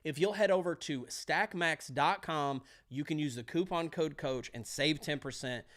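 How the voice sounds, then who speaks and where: A man's voice: on the high side, moderate pace. Upbeat man coaching electricians. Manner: energetic, pep-talk, repeating key phrases. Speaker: electrical exam prep coach. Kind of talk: motivational trade lesson.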